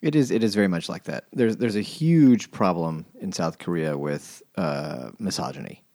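A man's voice: deep voice, lively intonation, moderate pace, a little mellow, no echo, clean studio sound. A man chatting casually and profanely about a book with friends, rambling and trailing off as he explains. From United States. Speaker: podcast co-host. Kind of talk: casual book-club chat.

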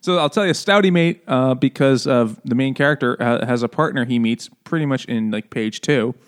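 A podcast co-host chats casually in a mid-range voice at normal speed, rambling and joking with plenty of fillers and frequent laughter.

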